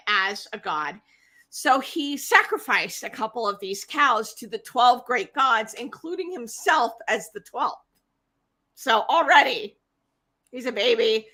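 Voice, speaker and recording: Brief: chatty woman host telling myths, high-pitched and very animated. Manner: animated, chatty retelling with fillers. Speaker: podcast host. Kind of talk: casual myth storytelling.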